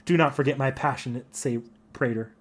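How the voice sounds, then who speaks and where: A man's voice: medium pitch, a little fast, slightly rough, natural voice. A man voicing a proud, dramatic young woman warrior-emperor from a game, with theatrical, flamboyant indignation. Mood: commanding. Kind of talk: voicing game dialogue aloud.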